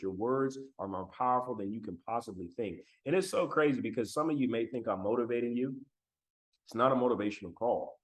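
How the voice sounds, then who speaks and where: Over a laptop microphone, a medium-pitched man gives a motivational talk on a live stream. He is emphatic, repeats key lines, and speaks directly to viewers in the chat.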